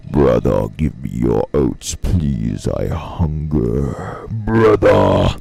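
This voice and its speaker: A man's voice: rumbling low, lively intonation, very slow, creaky, mellow, breathy edge, voice pushed down, exaggerated voice. A man putting on the voice of a starving man who keeps begging his brother for oats, pleading and drawn out.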